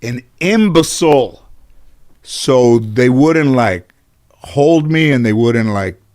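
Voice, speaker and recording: A middle-aged man from the Los Angeles area telling stories as a guest in an interview, animated and profane, laughing at his own tales. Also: mid-range voice, slow. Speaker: guest comedian. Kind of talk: casual storytelling in interview.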